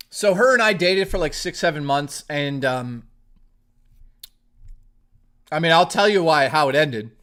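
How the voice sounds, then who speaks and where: A young man with a bright, ringing voice tells a rude, rambling anecdote to his live-stream viewers. His voice sits a little high for a man, and he often pauses to thank people for memberships. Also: lively intonation. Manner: crude, rambling anecdote with many filler words; stops mid-story to thank viewers for memberships. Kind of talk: casual storytelling on a live stream.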